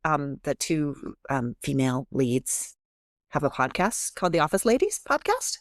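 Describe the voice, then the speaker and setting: A middle-aged woman professor, chatty and animated, often interrupting herself as she talks in a podcast interview. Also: sits low, normal speed, no echo, clean studio sound. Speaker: guest professor.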